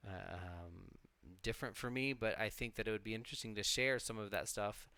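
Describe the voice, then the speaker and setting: Speaking briskly in a lowish, sharp voice with no room sound, a man co-hosts a live witchcraft stream. He rambles casually and reflectively, swears freely, and often restarts his sentences.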